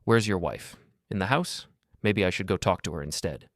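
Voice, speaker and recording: A man's voice: low-pitched, expressive, normal speed, fairly bright tone, dry recording, studio quality. A man voicing a bitter, vengeful young ex-con in a storybook narration, with a taunting, menacing delivery.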